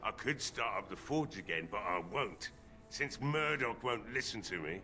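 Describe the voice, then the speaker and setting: A man voicing a gruff, bitter old village blacksmith who is drunk, with a weary drinker's drawl, in a video game. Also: on the low side, animated, moderate pace, bright, forceful tone, soft background music. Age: older.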